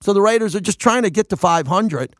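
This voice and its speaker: A man in his fifties runs a sports radio monologue in an emphatic, excitable voice that sits a little high. The sound is dry and close with no room around it. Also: a little fast, no room sound.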